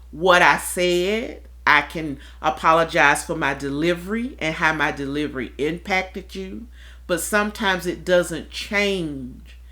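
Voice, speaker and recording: A woman in a relaxed discussion, talking candidly and earnestly about her own experiences and acting out the people she quotes. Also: on the low side. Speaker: discussion panelist. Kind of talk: reflective conversational talk.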